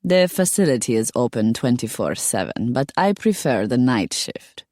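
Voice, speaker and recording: A woman voicing a calm older woman with a foreign accent who speaks in a soothing, measured way. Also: rumbling low, no echo, clean studio sound.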